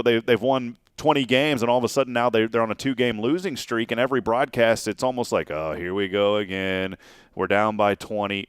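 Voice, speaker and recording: A man's voice: mid-range voice, clear, resonant tone, no room sound, studio quality. A man co-hosting a sports-broadcasting talk show, explaining tips earnestly and listing points like a teacher. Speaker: co-host. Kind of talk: casual chat.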